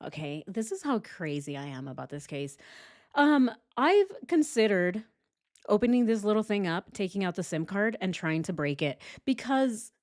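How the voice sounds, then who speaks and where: Chatty animated woman hosting a livestream. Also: mid-range voice. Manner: animated and chatty, quick laughs, casual swearing. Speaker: true crime channel host. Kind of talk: casual livestream commentary.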